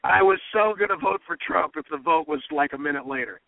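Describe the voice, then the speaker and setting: A man hosting political talk radio, talking emphatically and heating up to near shouts. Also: fairly high pitch, lively intonation, brisk, creaky, over a noisy crowd. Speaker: radio talk show host. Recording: tinny phone-line sound.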